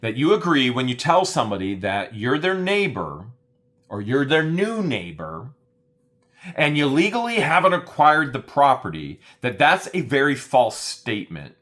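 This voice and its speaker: A man's voice: medium pitch, sing-song, normal speed, fairly bright tone, voice pushed up. A man quoting a male lawyer, questioning firmly and measuredly.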